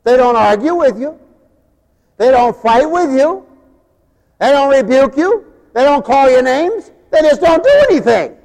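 A man preaching a sermon in an animated way, swinging from loud bursts to low mumbles. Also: measured pace, in a large hall.

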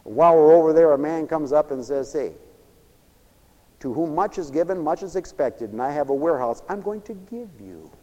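Male preacher, animated sermon delivery, pitch on the high side, hall reverb. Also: normal speed. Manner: swings from loud high exclamations to low murmurs.

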